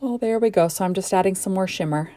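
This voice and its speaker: A woman's voice: mid-range voice, fast talker, warm tone. A middle-aged woman from Canada, chatting sleepily and gushing as she narrates a home crafting tutorial. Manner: chatty and gushing, rambling asides. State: sleepy, yawning. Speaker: card-making crafter.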